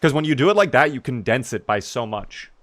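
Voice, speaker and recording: A man's voice: mid-range voice, a little fast, no room sound. Chatty male streamer, casual gaming talk. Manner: chatty, relaxed, reads and answers chat.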